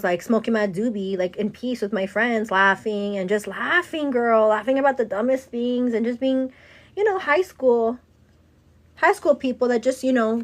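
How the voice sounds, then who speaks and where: A woman with a slightly high voice, chatting away as she tells a story in a casual get-ready-with-me vlog. She rambles, fills her talk with "like" and "girl", and now and then slips into Spanish. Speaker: vlogger and host.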